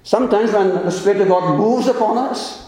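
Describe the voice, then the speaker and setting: A man delivers a sermon in a high but mellow voice, pressing his listeners with earnest urgency. He slows right down to quote scripture. The hall around him rings with heavy echo. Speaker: preacher.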